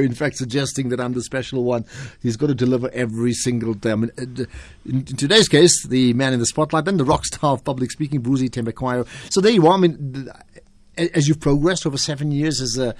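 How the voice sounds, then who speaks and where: A man's voice: medium pitch, fairly quick, a little mellow, dry recording. A male radio host asking questions in a studio interview, chatty, repeating words as he frames each question. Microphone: studio microphone.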